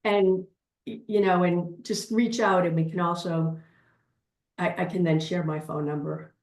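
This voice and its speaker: A woman with a Boston accent speaks frankly and practically, full of ums as she searches for words. Her low-set voice comes over a video call from a roomy, echoing space. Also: fairly even intonation, unhurried, darkish tone. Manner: frank, practical, with many fillers. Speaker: author and guest speaker. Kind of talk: advice in a webinar Q&A.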